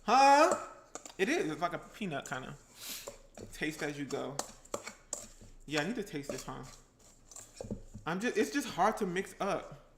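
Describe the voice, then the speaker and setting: A man's voice: fairly high pitch, lively intonation, moderate pace, long pauses, noisy background. A man with casually chatting while cooking on a vlog, playful and chatty, now and then breaking into song. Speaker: cooking vlogger.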